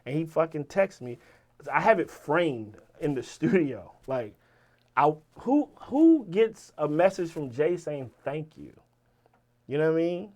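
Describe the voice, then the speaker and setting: A man with a Virginia accent, a rapper telling stories as an interview guest in a casual, animated way, swearing and acting out the people he quotes. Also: on the high side, measured pace. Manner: animated, profane, quotes people in lively voices. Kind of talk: casual storytelling.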